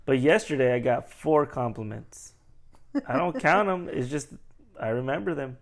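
A young man co-hosting a casual podcast, chatty and joking, often acting out what other people say in a raised voice. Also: normal speed. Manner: chatty, jokey, acts out quotes in high voices. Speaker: podcast co-host. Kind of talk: casual chat.

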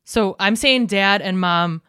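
A young woman with a Midwestern accent chats loosely on a podcast, restarting sentences and laughing as she goes. Her voice is bright and crisp, recorded close and dry. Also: mid-range voice, slow, no room sound. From South Dakota. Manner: chatty, laughing, full of fillers and restarts. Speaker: podcast co-host. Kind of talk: casual chat.

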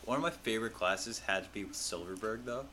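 A young man telling a story in a relaxed, casual podcast chat with friends. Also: on the low side, brisk, a little hiss or hum. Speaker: podcast co-host.

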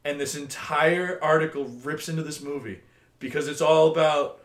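A man's voice: on the high side, steady tone, moderate pace. A man co-hosting a podcast in casual chat, blunt and dismissive, swearing freely. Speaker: podcast co-host. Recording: echoey room.

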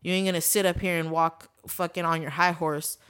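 Casual: lady cohost ranting, blunt, lots of swearing, kinda low voice. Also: little pitch movement, a little fast, fairly bright tone, clean tone. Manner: blunt, heated, heavy swearing. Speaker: podcast co-host. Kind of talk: casual chat.

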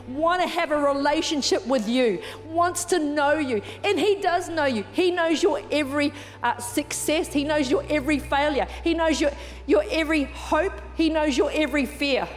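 A woman pastor preaching at a church service, telling a story with animated energy and moving to an earnest appeal. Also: high-pitched, normal speed. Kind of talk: sermon with altar call. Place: large church auditorium. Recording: long hall reverb.

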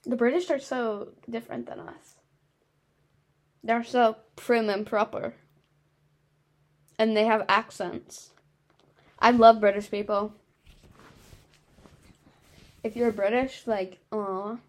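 A woman's voice: a little high, fairly even intonation, takes it slowly, long pauses. A young woman in casual chat, playful and goofy, asking quiz questions. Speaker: quiz asker.

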